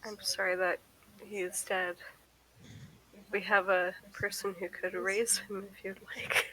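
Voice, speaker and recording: Female player, bright tone, earnest and questioning. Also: mid-range voice, little pitch movement, unhurried, poor audio. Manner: inquisitive, earnest. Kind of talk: casual tabletop play.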